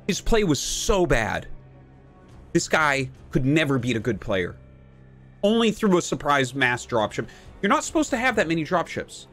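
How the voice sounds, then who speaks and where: High-pitched guy streamer raging over his game, cussing a lot. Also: very animated, normal speed, a bit bright, faint music behind. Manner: ranting, heavy swearing, insults opponents and chat. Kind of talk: live gameplay commentary.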